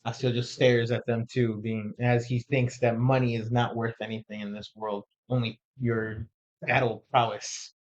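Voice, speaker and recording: A man at a middle pitch plays his warrior in a tabletop game, describing his actions plainly and steadily. The recording is slightly dull and muffled. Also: level tone, normal speed. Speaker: player. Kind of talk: playing a tabletop game in character.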